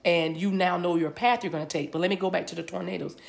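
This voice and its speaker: Female spiritual reader, low gravelly voice, meandering delivery. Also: steady tone, quick pace. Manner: rambling, repeats words as she receives them. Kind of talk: channeled spiritual reading. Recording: spiritual reading recorded for a video.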